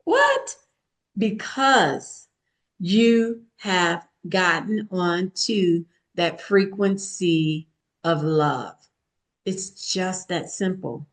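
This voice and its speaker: A woman author and meditation guide, a podcast guest, talking in a soothing, reassuring, deliberate way. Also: on the low side. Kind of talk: interview guest.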